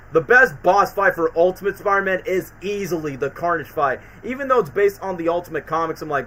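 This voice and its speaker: A man's voice: on the high side, bright, forceful tone, a little hiss or hum, rough recording. A man hosting a live stream, rambling enthusiastically about video games with lots of fillers. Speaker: streamer host. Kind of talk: casual live-stream chat.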